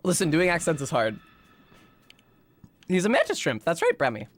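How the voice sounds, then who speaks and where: An excitable man narrates his own gameplay, swearing freely and muttering to himself between reactions. His voice sits fairly high for a man. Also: moderate pace. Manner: excitable, profane, talks to himself. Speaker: streamer. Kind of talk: casual gameplay commentary.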